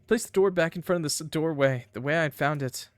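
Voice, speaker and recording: His voice a little high and his pace fairly quick, a man reads a game's text aloud in first person during a stream with no echo. He stops now and then to joke with his chat.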